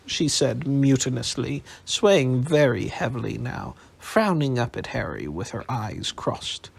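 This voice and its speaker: A man reads an audiobook aloud at a slow, bedtime pace in a husky voice. His tone has a gravelly edge, and his pitch moves a lot as he reads. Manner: calm, unhurried reading. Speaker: audiobook narrator.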